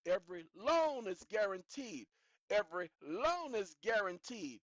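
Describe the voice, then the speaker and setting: A man's voice: high-pitched, big pitch swings, unhurried, no room sound. A man hosting his own channel and lecturing in an emphatic, preachy way, repeating key lines and calling on the audience to say them with him. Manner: repetitive, calls for the audience to repeat after him. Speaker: channel host. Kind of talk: instructional talk, preachy and emphatic. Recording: dull lo-fi recording.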